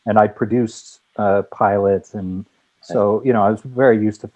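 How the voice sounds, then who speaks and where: A man who is a guest screenwriter and director, telling lively anecdotes with many restarts in a casual interview. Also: lowish voice, moderate pace, dull audio.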